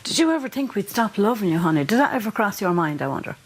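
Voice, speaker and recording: An Irish woman, a mother, speaking gently with her daughter in a documentary conversation. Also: mid-range voice, big pitch swings, quick pace, husky. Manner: gentle, tender.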